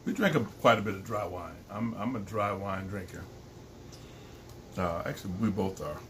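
A man's voice: fairly low pitch, normal speed. A man, co-hosting a casual live-stream chat, rambling and restarting. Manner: relaxed, rambling, frequent restarts and laughs. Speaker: co-host. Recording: faint background noise.

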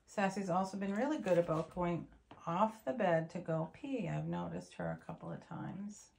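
A woman's voice: on the low side, very animated, moderate pace, creaky, a little mellow. A woman filming her puppies, chatting casually and cooing to them in baby talk. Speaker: dog breeder filming puppies. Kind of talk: casual vlog narration.

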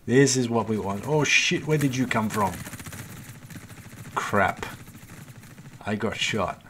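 A man's voice: on the low side, slow, background noise. Man swearing through gameplay commentary. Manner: swears often, talks to himself and viewers; exasperated running commentary. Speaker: gaming channel host.

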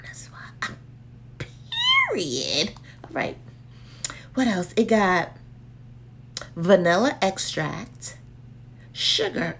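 Lively woman reviewer who drifts into whispers. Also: mid-range voice, takes it slowly, gravelly, pauses often. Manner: chatty and playful, often dropping to a whisper. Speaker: candle reviewer vlogger. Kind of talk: casual chat.

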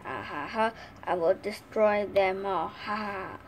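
Cruel wicked witch from a storybook, a woman reading her, slow and firm, faint hum behind. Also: mid-range voice, natural voice, poor audio. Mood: gloating. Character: wicked one-eyed witch, female, cruel.

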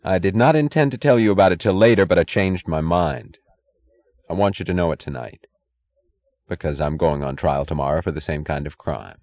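A man's voice: low voice, fairly quick, darkish tone, no room sound. A man voicing a stern, determined male steel magnate in an audiobook, speaking firmly and in clipped phrases. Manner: firm, clipped, commanding.

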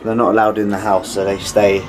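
A man's voice: on the low side, level tone, fairly quick, background noise. A young man in his twenties vlogging casually, blunt and sweary, rambling while out of breath on an outdoor hill walk. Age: 20s. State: out of breath while walking uphill. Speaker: bodybuilder vlogger. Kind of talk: casual vlog.

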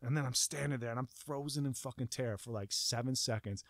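Brief: man, young adult, casual swearing storyteller, dry close sound, jumps into shouted bits. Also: medium pitch, fast talker, no echo. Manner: animated, profane, acts out his own panic with sudden shouts.

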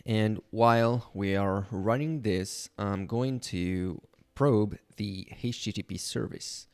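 A man narrates a hacking walkthrough over his screen, explaining each step to his viewers. His voice sits low and he takes his time, pausing and thinking aloud with casual fillers. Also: clear, resonant tone. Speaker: channel host teaching penetration testing. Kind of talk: screen-recorded tutorial walkthrough.

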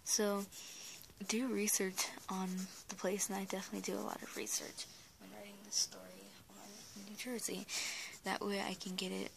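Young woman, gravelly voice, flat delivery, hesitant and rambling, noisy camera recording at home. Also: mid-range voice, normal speed. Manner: rambling, hesitant, many restarts and fillers. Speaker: art vlogger. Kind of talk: casual talking-head advice.

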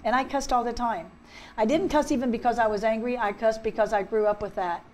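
Woman minister, fervent testimony, fairly high voice, earnest and repetitive. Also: fairly even intonation, fairly quick. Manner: fervent, earnest, repeats herself. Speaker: guest minister. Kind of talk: personal testimony, preaching.

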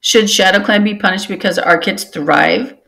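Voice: mid-range voice, normal speed, vocal fry, sharp tone, rough recording. A reader voicing a menacing, domineering male cat clan leader in a storybook, speaking in a demanding growl.

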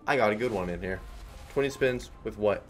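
A man with a low, deep voice gives loose, profane running commentary on his own slot play, cursing and reasoning aloud in a frustrated tone. Faint music plays underneath. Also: a little fast. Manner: frustrated, swearing, thinking aloud. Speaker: online slot streamer.

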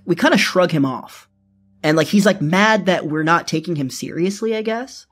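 Young guy telling a story, kinda high voice, super casual, lots of "like" and cussing. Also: moderate pace, a bit bright. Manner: casual, profane, full of "like". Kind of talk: first-person storytelling.

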